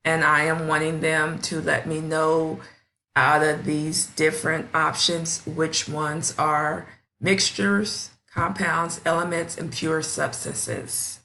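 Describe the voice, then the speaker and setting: A woman who teaches fifth grade, presenting a classroom science station in a deliberate, instructional way with small slips. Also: deep voice, little pitch movement, pushed and bright, slight background noise.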